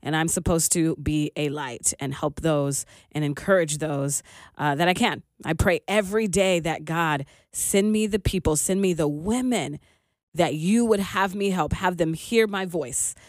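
A woman's voice: sits low, measured pace, no echo, clean studio sound. A woman radio host talking on her show, emotional and laughing through tears after an award. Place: radio studio.

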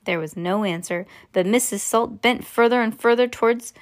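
A woman reading a children's book aloud to a child, expressive with small slips and self-corrections. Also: fairly high pitch, normal speed.

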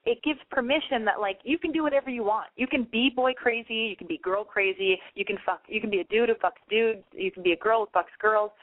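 A woman's voice: on the high side, brisk, hardly any pauses, dry recording. A woman hosting a call-in advice show in casual, rambling talk, swearing often and ranting. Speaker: radio call-in host. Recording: narrow phone-like sound.

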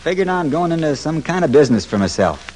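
A laconic, calm ex-marshal of the frontier. He speaks tersely in a dry, husky drawl, his mid-range voice moving freely up and down. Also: fairly high pitch, fast talker, low-quality recording. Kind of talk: 1950s radio drama acting.

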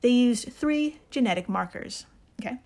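Slightly high-voiced woman podcast host. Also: moderate pace. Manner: energetic, profane, laughs often while explaining. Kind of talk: casual chat.

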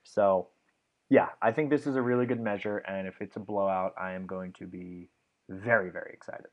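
Young male podcast host, casual and eager, reads stats in a quick rattle. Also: deep voice, steady tone. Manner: enthusiastic, rattles off stats with fillers. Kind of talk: casual sports podcast chat.

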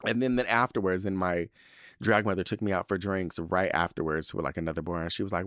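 A man's voice: deep voice, normal speed, smooth, dry recording, clean studio sound. A man in his thirties hosting a podcast, telling a story in a sassy, campy way with lots of swearing. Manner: sassy, animated, campy drag-queen banter with swearing. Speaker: podcast host. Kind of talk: casual storytelling monologue.

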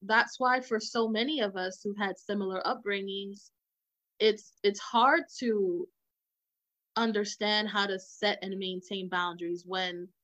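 A woman's voice: medium pitch, steady tone, unhurried, fairly bright tone, no room sound. A woman co-hosting a casual podcast, speaking in a reflective, earnest way. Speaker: podcast co-host.

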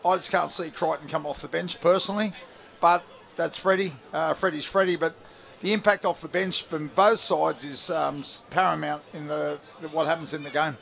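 A man's voice: fairly high pitch, fairly even intonation, normal speed, vocal fry, fairly bright tone. A man with an Australian accent, a former player and commentator, chatting casually on radio in a laid-back way with many fillers. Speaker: rugby league commentator, studio guest.

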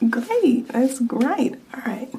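A woman in a whispered role-play, acting as an examiner who gives a hearing test and whispers words softly into each ear. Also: high voice, big pitch swings, a little hiss or hum, poor audio. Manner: soft, slow and soothing, whispering word lists into each ear.

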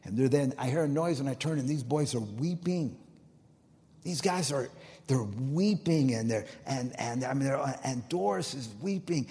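A man preaching as pastor of a church, telling a story with emphasis and swinging between loud and quiet delivery. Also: medium pitch, normal speed. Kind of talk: sermon. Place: church sanctuary. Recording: long reverb of a large church hall.

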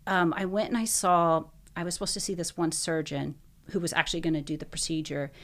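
A young woman, a guest in an interview, telling her own story earnestly, full of "like"s and quick bursts. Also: lowish voice, steady tone, a bit bright.

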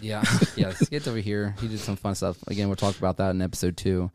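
A man's voice: lowish voice, flat delivery, quick pace, slight background noise. A man from co-hosting a casual podcast, rambling, swearing and stumbling over his words. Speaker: podcast co-host.

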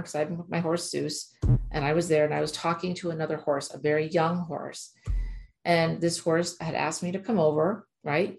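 Low-voiced woman telling a story emphatically. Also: darkish tone. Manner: emphatic, chatty, lots of "like". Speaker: animal communicator. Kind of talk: casual storytelling monologue.

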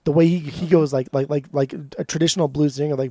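This is an American man co-hosting a casual music podcast, swearing freely and teasing the others. His voice sits a little high for a man, and the sound is dry with no room echo. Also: fast talker. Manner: profane, teasing, animated storyteller. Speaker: podcast co-host. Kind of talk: casual chat.

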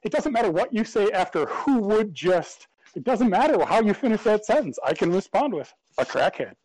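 A man's voice: high-pitched, animated, fairly quick, darkish tone, dry recording, low-quality recording. A man teasing and cracking sarcastic jokes in casual podcast chat. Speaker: podcast guest.

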